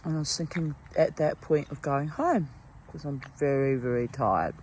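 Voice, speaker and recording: A woman's voice: low-pitched, moderate pace, darkish tone, slight background noise, low-quality recording. A middle-aged woman telling a story casually and with animation, cursing freely and restarting her sentences. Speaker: vlogger.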